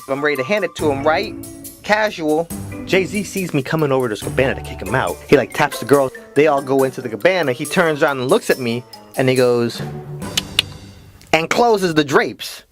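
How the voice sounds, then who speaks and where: A man telling funny personal stories in an animated storytelling video, jokey and full of voice switches. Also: mid-range voice, fairly quick. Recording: voice-over with music bed.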